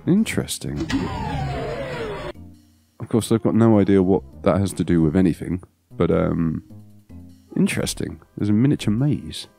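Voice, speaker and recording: A man's voice: low-pitched, expressive, brisk, creaky, hardly any pauses, dark tone, soft background music. A man hosting a let's play, chatting playfully and thinking aloud as he goes. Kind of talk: casual gameplay commentary.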